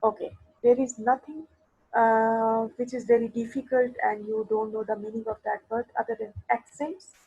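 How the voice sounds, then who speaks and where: A woman teaching an English literature class online, explaining a poem slowly and mixing Urdu phrases into her English. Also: a little high, level tone, warm tone, slightly rough, lo-fi sound. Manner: explains slowly, mixes Urdu into English, asks students for replies.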